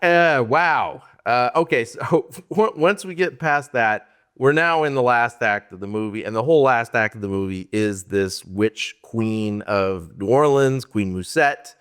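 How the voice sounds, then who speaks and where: A man's voice: mid-range voice, animated, measured pace, hardly any pauses, a bit bright, clean tone. Man animatedly retelling a movie's plot. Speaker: podcast host. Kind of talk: casual movie-review chat.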